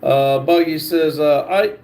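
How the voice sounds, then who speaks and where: A man's voice: fairly high pitch, a little slow, darkish tone. A man hosting a casual livestream, reading viewers' comments aloud. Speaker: livestream host.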